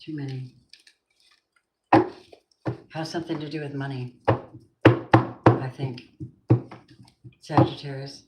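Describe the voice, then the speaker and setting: Low-voiced woman giving a tarot reading. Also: steady tone, moderate pace, long pauses, heavy background noise. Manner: musing, asks questions aloud to the cards and spirit. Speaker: tarot reader. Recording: roomy echo.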